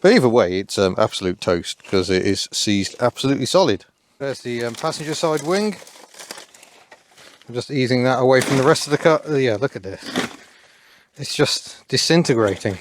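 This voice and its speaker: A man's voice: mid-range voice, moderate pace, slight background noise. Male vlogger, casual rambling commentary outdoors, dry self-deprecating humour. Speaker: car vlogger. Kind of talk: casual commentary while working. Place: overgrown rural yard outdoors.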